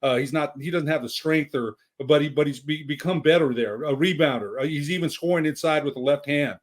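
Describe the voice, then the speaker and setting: Man, higher voice, halting, casual basketball talk. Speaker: podcast co-host. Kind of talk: casual sports chat.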